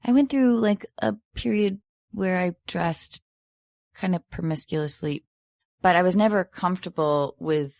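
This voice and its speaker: A woman's voice: on the low side, a little slow, vocal fry, darkish tone, no room sound, studio quality. A woman hosting a podcast in a casual chat, rambling with restarts and swearing freely. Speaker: podcast host.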